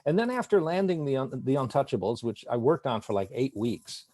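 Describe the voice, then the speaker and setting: Middle-aged male actor from Italy, lively anecdotal interview guest, recorded dry and close. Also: medium pitch, brisk, no room sound. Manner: animated anecdotes with frequent laughs. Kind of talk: casual interview storytelling.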